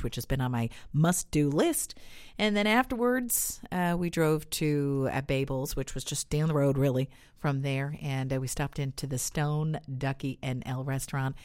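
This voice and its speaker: Low-voiced chatty radio host woman. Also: no room sound, clean studio sound. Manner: chatty, upbeat, with fillers. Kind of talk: casual radio chat.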